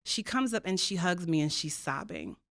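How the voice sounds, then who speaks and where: A woman's voice: on the low side, expressive, moderate pace, a bit bright, no echo, studio quality. A woman speaking as a podcast guest, telling stories earnestly and emphatically, with rhetorical questions. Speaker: diversity co-chair and faculty guest. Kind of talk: reflective conversational storytelling.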